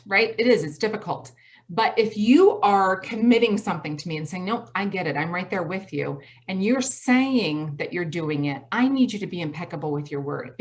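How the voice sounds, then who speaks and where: A woman in her forties from Michigan with a Midwestern accent gives a motivational talk over a video call from home. She talks fast, stresses her points hard and repeats her key phrases. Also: fairly low pitch. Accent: Midwestern American. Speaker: college president giving a talk.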